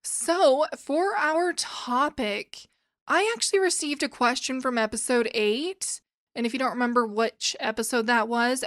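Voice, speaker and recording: Brief: chatty woman host of a book podcast, talking casually with a light, fairly high voice, dry sound. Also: a bit bright, no echo. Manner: chatty, with asides and restarts. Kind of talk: casual podcast chat about classic literature. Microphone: new microphones.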